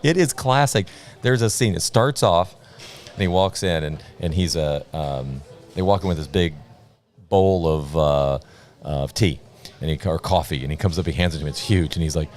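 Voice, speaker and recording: A man's voice: deep voice, normal speed, darkish tone. A man commentating a live sports stream in casual banter, rambling and joking with frequent laughs. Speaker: livestream commentator.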